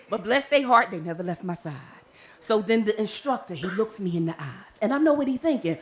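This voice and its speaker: Animated woman telling a comic story. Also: medium pitch, brisk. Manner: animated and comic, acts out her own panicked voice. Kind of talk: live storytelling performance. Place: stage before a live audience.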